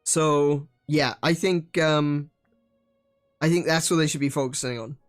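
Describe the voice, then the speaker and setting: A man's voice: fairly high pitch, fairly even intonation, a little slow, faint music behind. A man chatting casually while streaming a video game, joking and talking to his viewers. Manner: chatty, laughs at himself, many restarts. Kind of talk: casual let's-play commentary.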